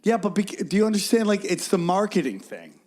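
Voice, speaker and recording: A man's voice: high voice, sing-song, brisk, a little mellow. A man in casual podcast chat as the guest comedian, rambling and swearing freely through his banter.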